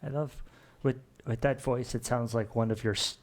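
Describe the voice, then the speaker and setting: A man's voice: mid-range voice, steady tone, normal speed. A man co-hosting a hobby stream, laid-back, with wry comments in casual chat. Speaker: stream co-host.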